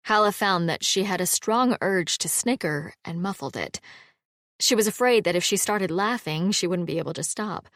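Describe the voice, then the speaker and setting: A woman narrates an audiobook, reading a script in an even, measured storytelling voice on the low side. The recording is dry and studio quality.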